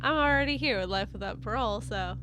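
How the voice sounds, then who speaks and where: A woman's voice: fairly high pitch, fast, pushed and bright, slight background noise. A woman co-hosting a casual true-crime podcast, giving short, dry reactions and laughing along. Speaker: podcast co-host.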